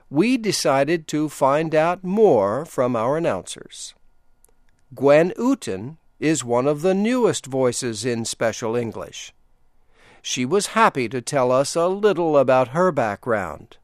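Older male radio announcer, Eastern Shore accent, slow measured read, somewhat high voice, dry booth. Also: no room sound. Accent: Eastern Shore of Delaware. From Delaware, US. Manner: deliberate, measured delivery with lively intonation. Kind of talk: slow scripted broadcast reading.

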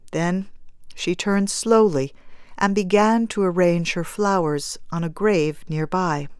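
A woman narrating a story in a measured, even storytelling manner. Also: lowish voice, clean tone, dry recording, studio quality.

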